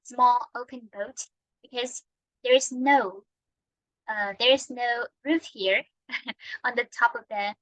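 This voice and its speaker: A woman's voice: a little high, fairly bright tone, no room sound, poor audio. A woman with a Vietnamese accent teaching an online English lesson, patiently checking that her student follows. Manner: patient, checks understanding often. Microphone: computer mic on video call.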